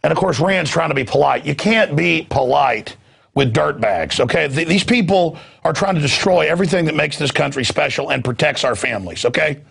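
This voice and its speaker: A man's voice: lively intonation, fairly quick, vocal fry, fairly bright tone, slightly rough. A middle-aged man hosting a news show, delivering an impassioned political monologue with ranting outbursts. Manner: ranting, mocks others in shrill put-on voices.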